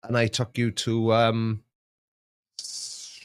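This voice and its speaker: A man's voice: mid-range voice, completely flat delivery, slow, clear, resonant tone, no room sound, studio quality. A middle-aged man chatting as co-host, rambling and hesitant, teasing his son. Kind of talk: casual chat.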